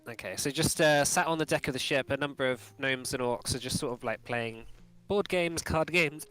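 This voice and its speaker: A man's voice: mid-range voice, moderate pace, a bit bright, smooth. A man running a tabletop game as game master, narrating with many fillers and restarts.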